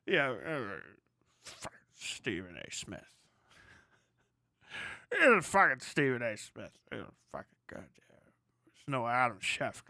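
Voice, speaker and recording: A man hosting a livestream, ranting casually in a profane, rambling way and mimicking people in quick put-on voices. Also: medium pitch, sing-song, sharp tone, no room sound, studio quality. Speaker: livestream host. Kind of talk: casual rant.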